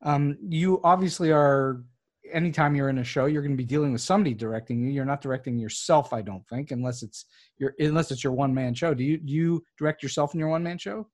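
A man hosting an interview, asking relaxed, conversational questions. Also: a little high, quick pace. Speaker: host, interviewer.

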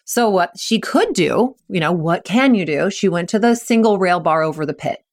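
A woman hosting a podcast as a mental performance coach, explaining with energy and acting out kids' and coaches' voices in quick quoted asides. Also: on the low side, lively intonation. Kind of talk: solo podcast talk.

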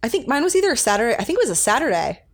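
A woman's voice: fairly high pitch, very animated, rapid-fire. A young woman co-hosting a podcast, chatting casually and rambling with lots of fillers as she recaps an episode. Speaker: podcast co-host.

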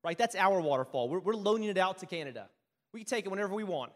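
A man's voice: sits high, animated, fast talker, long reverb tail. A man preaching a sermon, mixing self-mocking stories with Bible reading and often asking "right?". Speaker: pastor.

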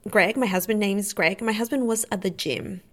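A woman podcast host telling a personal story, candid and emotional, dropping soft then rising with heat. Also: mid-range voice, brisk. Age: adult with school-age kids. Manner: emotional, candid retelling with soft drops and excited rises.

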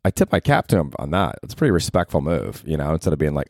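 A man with a very low voice rambles through a casual solo podcast, cursing freely. The sound is close and dry, with no room around it. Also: very animated, fast talker, gravelly, a little mellow, no room sound. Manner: rambling, profane, chatty. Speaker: podcast host. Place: his apartment at night.

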